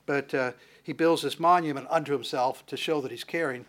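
Conversational male preacher with a higher voice. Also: fairly even intonation, a little fast, fairly bright tone. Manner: conversational, retells scripture with acted dialogue and chuckles. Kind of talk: sermon.

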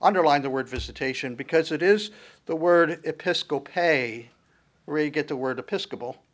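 A middle-aged man delivers a sermon from the pulpit. His voice sits a little higher than most men's, and he builds each point with repeated rhetorical questions in a steady preaching cadence. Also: moderate pace. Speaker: pastor.

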